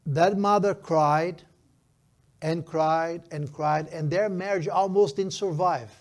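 A man in his fifties, a pastor preaching a sermon with a grandchild in his story, speaking emphatically and slowing down for key phrases with slightly non-native phrasing. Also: fairly high pitch, steady tone.

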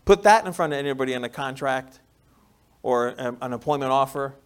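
A man with a New York accent preaching a sermon in a conversational way, often checking in with "right?" and moving between loud emphasis and quiet, soft passages. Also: mid-range voice, animated, fairly quick, clean tone. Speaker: pastor.

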